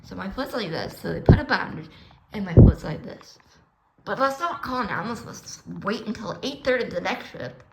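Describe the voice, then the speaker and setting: A woman with a mid-range voice and a gravelly, creaky edge recounts her own story. She talks bluntly and swears freely, acting out the dialogue and jumping between hushed asides and loud outbursts. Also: medium pitch, animated, moderate pace, noisy background. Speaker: storyteller sharing her life. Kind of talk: emotional personal storytelling.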